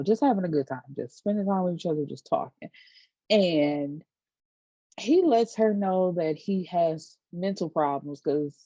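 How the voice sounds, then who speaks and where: A woman's voice: sits low, dark tone, no echo. A woman in a casual recap vlog, chatty and sassy, acting out quotes with slang. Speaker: book and TV recap vlogger. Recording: slightly dull lo-fi recording.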